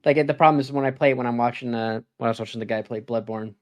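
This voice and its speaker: A young man on a casual gaming podcast rambles through his stories, laughing often. His voice sits at a middle pitch and leaps upward whenever he plays out his own reactions, keeping the talk animated. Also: rapid-fire. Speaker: podcast co-host.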